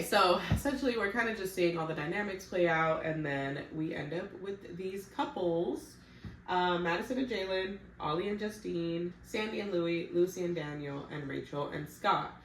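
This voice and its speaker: A woman's voice: lowish voice, a bit bright, far from the mic. A woman talks through a reality show recap in a loose, slangy way, with blunt little asides. Her voice sits back from the microphone in a roomy space with an echo. A faint hum runs underneath. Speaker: TV recap vlogger.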